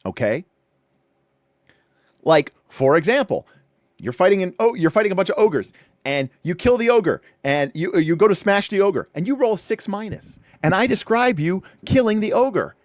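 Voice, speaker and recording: A man hosting a livestream, casually walking through a rulebook, with animated, chatty asides and points repeated for emphasis. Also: high voice, normal speed, dry recording, clean studio sound. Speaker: livestream host.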